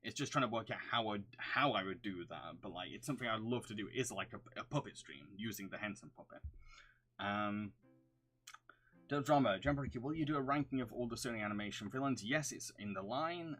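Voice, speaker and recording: A man with a mixed London and Yorkshire accent, casually answering viewer questions on a livestream. He talks in a crisp, over-enunciated way, reads questions aloud and hums to himself between them. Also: fairly low pitch, fairly quick, a bit bright. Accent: mixed London and Yorkshire English. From England. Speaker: streamer answering chat.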